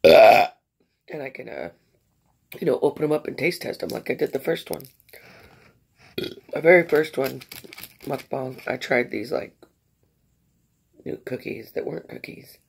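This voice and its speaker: Woman vlogger, tired and raspy, gravelly fry, chatty and rambling while eating on camera. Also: very deep voice, unhurried, long pauses, slight background noise. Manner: rambling, chatty between bites. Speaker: mukbang vlogger. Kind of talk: casual eating vlog chat.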